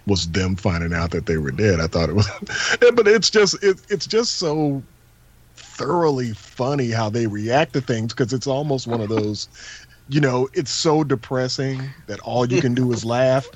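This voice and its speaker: A man's voice: mid-range voice, animated, measured pace, breathy edge. A man chatting casually about a film on a podcast, rambling and laughing between phrases. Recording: dull, muffled lo-fi sound.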